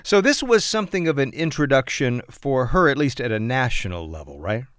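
Radio host with dry studio sound. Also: male voice, medium pitch, big pitch swings, fairly quick, smooth, no echo. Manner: friendly conversational hosting. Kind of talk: radio interview.

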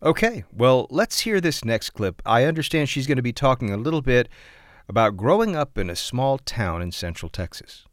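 A man's voice: medium pitch, big pitch swings, normal speed, dry recording, studio quality. A man hosting a radio show, introducing a segment and interviewing a guest in a conversational way.

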